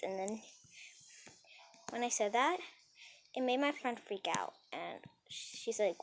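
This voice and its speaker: A woman narrates a casual storytime tale at a middle pitch, rambling and breathless as one thought spills into the next. A faint hiss of noise sits under her voice. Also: unhurried, long pauses.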